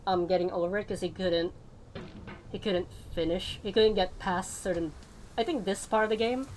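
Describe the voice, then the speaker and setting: A woman's voice: mid-range voice, moderate pace, darkish tone, a little hiss or hum. A woman VTuber chatting casually to her viewers while playing a game, rambling off on tangents with small laughs and restarts. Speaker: VTuber streamer. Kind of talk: casual gameplay stream chat.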